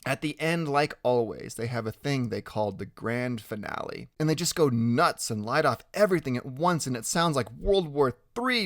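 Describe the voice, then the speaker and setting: A man reads a first-person audiobook with bright, ringing tone and a voice that swings widely up and down. His telling is animated and expressive, recorded close and dry. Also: a little high, moderate pace, hardly any pauses, no echo. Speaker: audiobook narrator.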